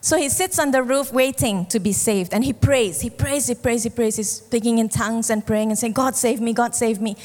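A woman preaching a sermon, telling stories and acting out the characters with lively shifts of voice. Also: fairly quick, few pauses. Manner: animated storytelling, acts out characters with shifting pitch. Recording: long hall reverb.

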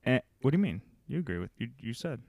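A man co-hosting a podcast, his voice sitting in an ordinary middle pitch. He talks loudly and gets animated, with a blunt, matter-of-fact manner. The sound is close and dry, with no room around it. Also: quick pace, vocal fry, no room sound. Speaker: podcast co-host. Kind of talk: casual chat.

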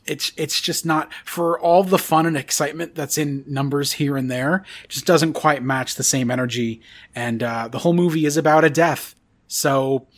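Chatty man rambling with many fillers. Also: a little high. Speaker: podcast host. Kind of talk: casual chat.

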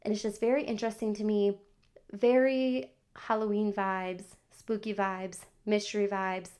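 Young woman podcaster chatting away, lots of "like", mid-pitched voice, acts out the back-and-forth. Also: flat delivery, unhurried, a little mellow, clear, resonant tone. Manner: chatty, many "like" fillers, acts out child's replies. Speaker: podcast host. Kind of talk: casual storytelling to camera.

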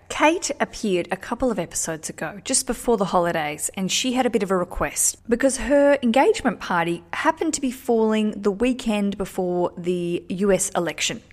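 A woman with an Australian accent hosting a podcast in an upbeat, chatty way with casual slang, recorded in an echoey room in a house. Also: medium pitch. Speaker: podcast host.

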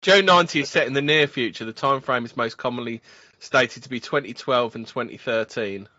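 Man, podcast co-host, casual chat, jokes a lot, sharp bright tone, muffled dry mic. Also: medium pitch, no echo. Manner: chatty, quick to joke and laugh.

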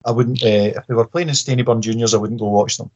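Husky man with dry humour. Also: medium pitch, fairly even intonation, a little mellow, lo-fi sound. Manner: dry humour, halting with fillers. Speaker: podcast guest. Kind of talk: casual football podcast chat.

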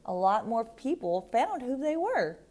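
A woman's voice: on the high side, sing-song, unhurried, darkish tone. A woman hosting a spiritual podcast, giving tarot card readings to her listeners in an emphatic, casual way and often checking in with "right?" and "okay?".

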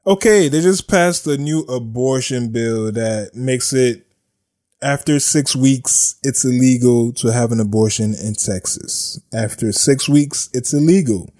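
A man talks through the news at an unhurried pace, his delivery blunt and sarcastic. He circles back on his own phrases and chuckles at his jabs, sounding like a casual podcast host. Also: medium pitch, warm tone. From United States. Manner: blunt, sarcastic, repeats himself, laughs at own jokes.

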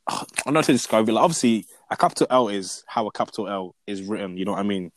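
Young brummie guy chatting, lowish voice, animated, trips over repeated words, dry close sound. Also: rapid-fire, hardly any pauses, dry recording. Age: young adult. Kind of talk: casual chat.

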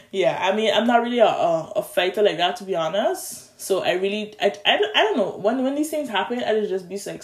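A young adult vlogger with a medium-pitched voice tells a long story casually and animatedly, restarting and stumbling along the way. It's recorded on a phone and sounds reverberant.

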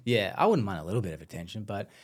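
A man's voice: fairly low pitch, very fast. A young Australian man hosting a podcast, chatting casually, telling stories and laughing often. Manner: laughs often, animated storytelling. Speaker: podcast host. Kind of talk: casual chat.

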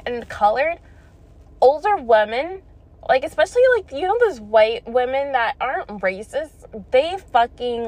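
High-voiced young woman ranting bluntly. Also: a little mellow. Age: young adult. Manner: blunt, profane, laughs between lines. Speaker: vlogger. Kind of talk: casual storytime rant.

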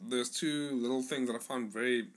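A person talking casually about a film in a middle-pitched voice. They laugh often and speak haltingly, full of fillers and restarts. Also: fairly even intonation.

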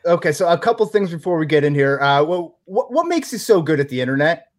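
A man's voice: on the high side, very animated, fast. Easygoing male podcast host. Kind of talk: casual podcast chat.

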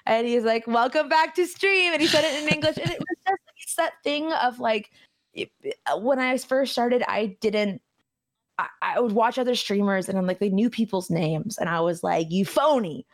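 A woman streamer telling a story in a casual interview, animated and laughing often. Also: fairly high pitch, normal speed. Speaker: streamer guest.

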